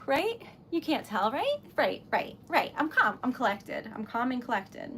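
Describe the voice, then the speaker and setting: A woman on a casual livestream gushes breathless thanks, tearful and giggly, flustered and stammering as she laughs through tears. Her high-pitched, fairly bright voice swings widely in pitch and is a little slow, with slight background noise.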